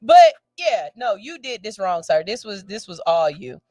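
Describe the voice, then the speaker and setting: A woman's voice: mid-range voice, big pitch swings, measured pace, dark tone, no echo. A woman radio host reads out a listener's letter and gives a blunt, sassy, profane verdict with theatrical outbursts.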